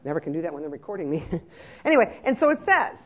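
A trainer giving a lively, joking talk to care-home staff, acting out scenes as they speak. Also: mid-range voice, very fast.

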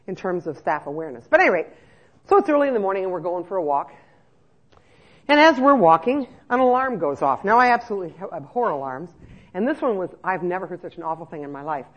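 A middle-aged woman giving a lively conference talk to care staff, telling stories and checking in with her listeners. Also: lowish voice, quick pace. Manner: lively storyteller, checks in with "okay?" often. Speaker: speaker on nursing home care. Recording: muffled lo-fi recording.

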